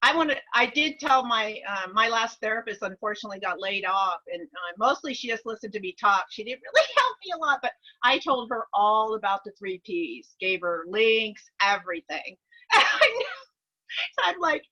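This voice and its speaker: Woman gushing on a video call, bright sharp voice, kinda dull muffled audio, lots of restarts. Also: fairly high pitch, expressive, brisk. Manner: eager, rambling, many restarts and laughs. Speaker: course participant. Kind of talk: casual sharing on a group video call.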